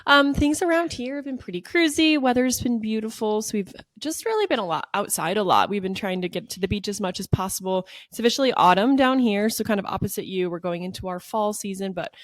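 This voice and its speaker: Woman, young adult, podcast co-host, encouraging casual chat, mid pitch, dry recording. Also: lively intonation, a little fast, few pauses, no room sound.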